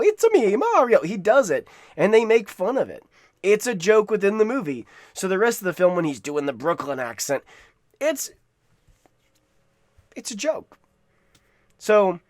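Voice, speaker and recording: A man's voice: fairly high pitch, no room sound, studio quality. A man giving a casual, rambling spoken movie review, with frequent restarts and asides. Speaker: film reviewer.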